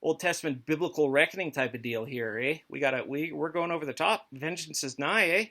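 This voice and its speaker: A man voicing a tough Canadian soldier in a folksy, gruff way, full of 'eh' and 'bud'. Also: fairly high pitch, fairly quick, sharp tone. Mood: determined.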